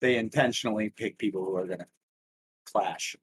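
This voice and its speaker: Male podcast guest, lowish voice, faint hiss, distant mic. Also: a little fast. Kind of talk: casual chat.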